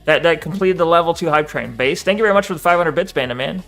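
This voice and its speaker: A man's voice: on the high side, fast talker, creaky, a bit bright, soft background music. A man streaming live, reading viewers' chat aloud and answering it in a loose, swearing, chuckling way.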